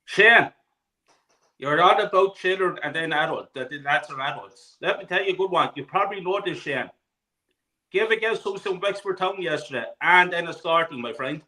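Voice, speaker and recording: An Irish man hosting a football chat over a video call, animated, laughing and swearing as he tells stories. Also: fairly high pitch, normal speed, rough recording. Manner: animated, swears freely, laughs mid-story. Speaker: host of a football panel. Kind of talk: casual chat, storytelling.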